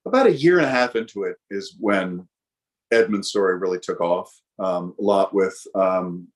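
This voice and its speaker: A middle-aged American man, a guest actor, telling lively anecdotes in a casual interview with frequent fillers. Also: low voice, moderate pace. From United States.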